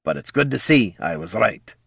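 A man voicing a gruff, battle-hardened male dwarf who talks bluntly and sarcastically. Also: on the low side, sing-song, normal speed, fairly bright tone, no echo, clean studio sound, full character voice.

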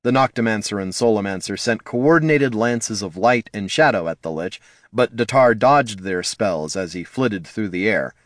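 Low-voiced man reading a fantasy story. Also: animated, moderate pace, no room sound, clean studio sound. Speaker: audiobook narrator. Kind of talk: scripted narration.

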